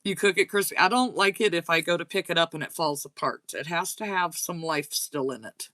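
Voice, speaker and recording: A woman with a slight Southern US lilt talks casually to her livestream viewers. She answers their comments one by one in a chatty way. Her voice is bright and forward, recorded close and dry. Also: on the low side, fairly quick, dry recording. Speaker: crochet channel host.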